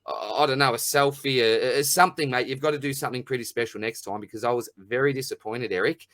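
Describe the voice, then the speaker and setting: A man's voice: mid-range voice, steady tone, fast, a bit bright, no echo. A middle-aged man with an Australian accent, hosting a podcast in blunt, rambling, jokey rants. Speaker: podcast host. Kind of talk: casual chat.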